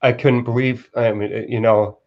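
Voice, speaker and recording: With a flat delivery in a mid-range voice, a man appearing as a guest author on a live stream earnestly tells a personal story, stopping and restarting sentences repeatedly. The audio sounds dull.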